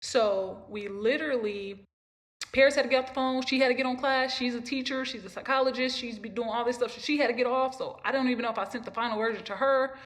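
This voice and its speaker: Speaking fast in a fairly high voice, a young woman hosts a podcast and tells a long story. She rambles, gets emotional, and repeats herself as she goes.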